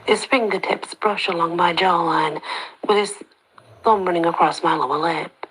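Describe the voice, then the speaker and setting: A woman narrating a story in the first person, soft-spoken and slipping into whispers. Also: lowish voice, normal speed, slightly rough, rough recording.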